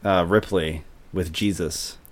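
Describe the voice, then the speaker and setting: A man's voice: sits low, steady tone, takes it slowly, background noise. A man co-hosting a podcast, joking around in casual chat and trailing off mid-sentence. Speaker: podcast co-host.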